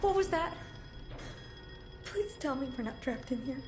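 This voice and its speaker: A woman's voice: high voice, animated, measured pace. An actress playing a nervous young woman in a video game, startled and timid. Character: nervous young woman animator working late. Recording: roomy game audio with music.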